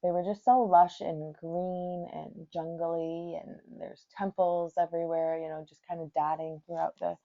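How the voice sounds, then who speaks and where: A woman in her thirties, a podcast host telling a story in a chatty, animated way, full of "like" and laughs. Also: on the low side, moderate pace, hardly any pauses, highs cut off. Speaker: podcast host, yoga teacher. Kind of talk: casual storytelling.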